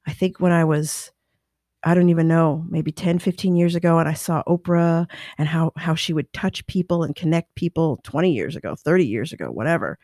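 A woman who runs her own business and speaks to motivate others, telling her story in a lively way and acting out the people she quotes. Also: low-pitched, brisk, dry recording, studio quality. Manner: animated, acts out quoted voices, restless self-correcting. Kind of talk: personal storytelling talk.

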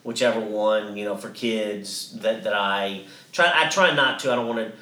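A man's voice: fairly low pitch, normal speed, bright, forceful tone, roomy sound, recorded from a distance. A man co-hosting a podcast, telling a story in a casual, rambling way with many restarts and some swearing. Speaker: podcast co-host.

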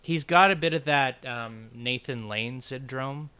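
A man co-hosts a casual movie review podcast, trading wry jokes and laughs. His voice is bright and forceful, with a smooth, crisp clarity. He sounds at ease and chatty. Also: medium pitch, a little slow. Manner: wry, laughs often, brief impressions. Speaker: podcast co-host.

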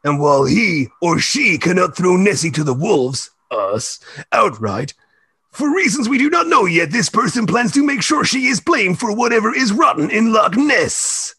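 A man's voice: high-pitched, very animated, normal speed, pushed and bright, breathy edge, no echo, voice pushed up, exaggerated voice. A man voicing a stern older male monster hunter, grave and lecturing.

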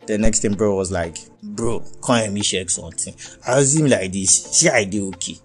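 A young man with a Nigerian accent telling a wild personal story in a lively, profane way, dropping into Pidgin and Yoruba. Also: on the low side, normal speed, faint music behind. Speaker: vlogger. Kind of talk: casual storytelling.

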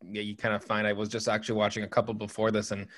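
A man's voice: on the low side, completely flat delivery, very fast, fairly bright tone. Chatty male podcast co-host from Western Canada. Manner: hesitant, many restarts and "like". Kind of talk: casual podcast chat.

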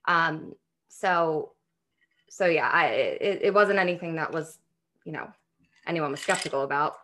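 A woman's voice: low-pitched, a little slow, pushed and bright. A young woman telling a family story in casual chat, rambling with restarts and frequent laughs. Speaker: podcast guest.

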